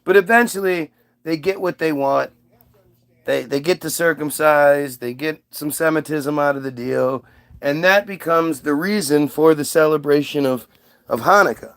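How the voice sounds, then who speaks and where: A man's voice: fairly high pitch, moderate pace, fairly bright tone, smooth. A man delivering a rambling, profane comic monologue. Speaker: comedian.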